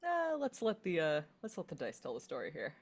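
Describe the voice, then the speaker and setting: Woman player at a tabletop game, low voice, lots of ums and likes. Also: huge pitch swings, a little fast, husky. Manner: casual, filler-heavy describing of her character. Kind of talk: casual tabletop play.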